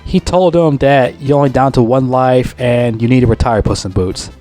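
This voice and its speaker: A man casually reviewing a movie, rambling, swearing heavily and repeating himself, his voice jumping up high when he gets excited retelling scenes. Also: moderate pace, faint music behind.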